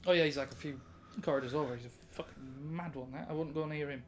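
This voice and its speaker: A game master, narrating a tabletop game in a relaxed, sweary, laughing way. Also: mid-range voice, fast, slight background noise.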